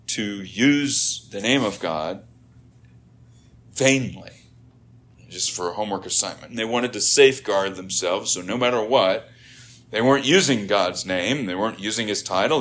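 Middle-aged guy preaching, chatty teaching sermon, lowish voice, leans hard on key words. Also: fairly bright tone. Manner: conversational teaching with emphatic rises.

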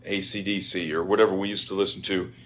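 Middle-aged male preacher, lower voice, conversational sermon with emphatic rises. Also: level tone, fast, fairly bright tone.

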